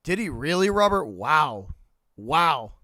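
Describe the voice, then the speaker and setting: Calling hockey live for his chat, this Boston-accented fan streamer cheers on his team in a chatty way. His voice runs on the high side, sing-song, bright and forceful, at a slow pace, in a dry recording.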